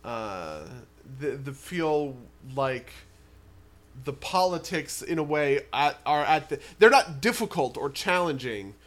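A man game master talking over a tabletop campaign in casual chat, halting and searching for words. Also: on the high side, big pitch swings, a bit bright.

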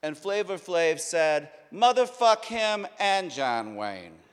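Slow, declamatory man in a reverberant hall. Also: high-pitched, very animated, clean tone. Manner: declamatory, emphatic, measured delivery. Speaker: event host reading quotations. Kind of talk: dramatic spoken-word recitation. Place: large public hall. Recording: long reverb of a large hall.

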